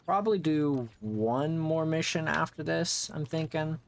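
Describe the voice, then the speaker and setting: A man's voice: fairly high pitch, a little slow, creaky. A man streaming a video game, giving casual running commentary that rambles and often restarts mid-thought to correct himself.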